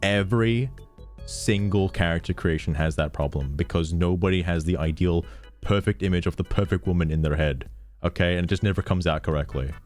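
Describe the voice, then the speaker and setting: A man's voice: deep voice, brisk, a little mellow, faint music behind. A man streaming, reacting to a video with sarcastic, profane commentary and frequent laughter. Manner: sarcastic, swears often, laughs a lot.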